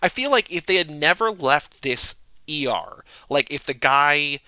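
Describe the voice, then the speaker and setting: A man's voice: a little high, animated, unhurried, bright, forceful tone, clear, resonant tone, dry recording, low-quality recording. A man co-hosting a podcast, talking casually about a movie with lots of "like" and sarcastic asides. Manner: chatty, heavy use of "like", sarcastic asides. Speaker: podcast co-host. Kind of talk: casual movie-review chat.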